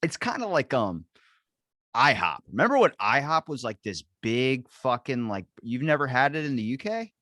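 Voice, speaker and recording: A man's voice: mid-range voice, sing-song, normal speed, a bit bright, dry recording, studio quality. A young American man from the East Coast hosting a podcast, telling rambling anecdotes with lots of swearing and acted-out voices. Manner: rambling storyteller, swears a lot, acts out quoted voices. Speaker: podcast host. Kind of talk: casual chat.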